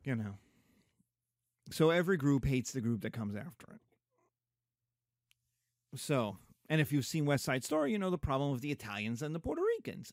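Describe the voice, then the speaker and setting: A middle-aged man gives a history lecture, his pitch jumping all over as he makes his points. He breaks into mocking asides now and then. The sound is dry and close, with little room around it. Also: a little fast, creaky, no echo. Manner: animated, mocking asides in put-on voices.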